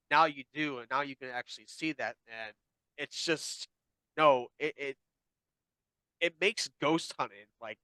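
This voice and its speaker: Podcast host guy, bright clear voice, rambly, dry sound. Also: mid-range voice, dry recording. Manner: rambling, restarts, chiming in. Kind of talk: casual chat.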